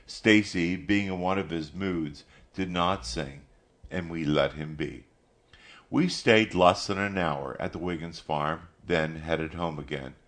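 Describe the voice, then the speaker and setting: A man narrating a story as an audiobook, measured and steady. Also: deep voice.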